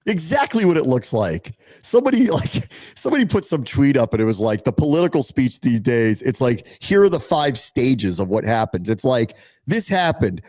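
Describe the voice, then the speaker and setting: A man's voice: medium pitch, big pitch swings, moderate pace, hardly any pauses, a little mellow, no room sound. A man co-hosting a sports podcast, ranting with sarcasm in casual chat.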